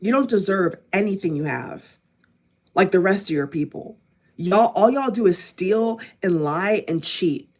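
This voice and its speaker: A woman's voice: mid-range voice, lively intonation, unhurried. A woman from the United States vlogging an angry political rant to camera, hammering the same phrases again and again. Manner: heated, repeats phrases over and over.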